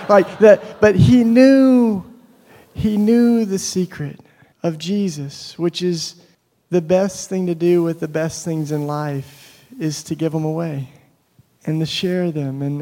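High, gravelly man telling stories. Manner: animated, acts out the voices in his stories. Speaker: speaker at a faith gathering. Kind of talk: personal storytelling talk. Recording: long hall reverb.

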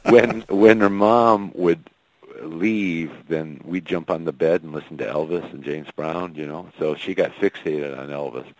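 Man, guest musician, rambling anecdotal storyteller, chuckling, very deep voice, dry close sound. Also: unhurried, no room sound, poor audio. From Michigan. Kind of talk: casual radio interview chat.

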